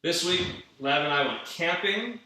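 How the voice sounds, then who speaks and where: An adult leading a children's Shabbat livestream, talking in a playful, animated way and telling a story between songs on guitar. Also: mid-range voice, a little slow. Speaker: children's Shabbat song leader. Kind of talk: singing and storytelling for kids on a livestream. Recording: echoey room, distant mic, loud guitar.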